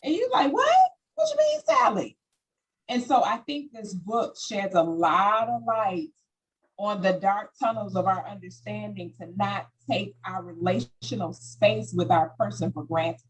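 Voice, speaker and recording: A woman hosting a panel talk, telling stories in an animated way and acting out quoted voices. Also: mid-range voice, a little slow, slightly rough, low-quality recording. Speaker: host. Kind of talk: panel discussion.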